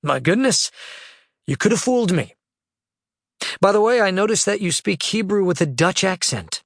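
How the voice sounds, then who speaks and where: A kindly older grandfather, chatty and friendly, with a raised, lively voice, as a male audiobook narrator puts him on. The sound is dry and close. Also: sits high, moderate pace, gravelly, no room sound, pitched above the performer's own voice, heavily acted.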